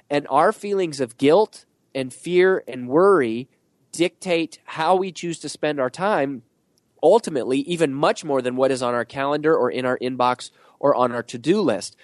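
A man speaks as a podcast guest, telling stories with animated energy and rhythmic lists. His voice sits in an ordinary middle pitch, recorded close and dry with no room sound. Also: no echo. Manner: animated storyteller, lists in quick rhythmic pairs. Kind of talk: storytelling interview answers.

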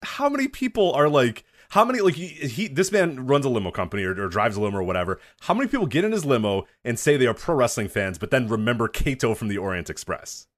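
Male podcast co-host, rapid lively storyteller, profane and laughing. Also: mid-range voice. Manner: animated, swearing, laughs often, acts out quotes. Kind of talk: casual storytelling chat.

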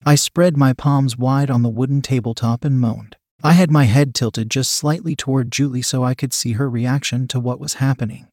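A man narrating an erotic story in the first person, reading in an even, unhurried way. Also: medium pitch, no echo, studio quality. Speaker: story reader.

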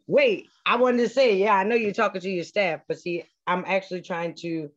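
A man's voice: sits high, fairly even intonation, moderate pace. Eager man asking on a lo-fi call. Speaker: caller asking a question. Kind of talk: casual question on a video call. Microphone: video call. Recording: dull lo-fi call audio.

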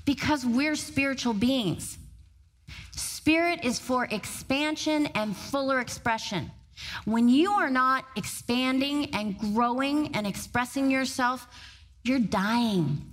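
A middle-aged woman giving a motivational talk on stage, storytelling in an animated way and laughing often. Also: sits high, takes it slowly. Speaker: motivational speaker.

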